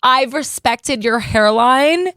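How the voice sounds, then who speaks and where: A woman's voice: high-pitched, slow, fairly bright tone, clear, resonant tone, dry recording, studio quality. A woman in her thirties hosting a podcast in giggly, self-deprecating casual chat. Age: 30s. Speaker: podcast host.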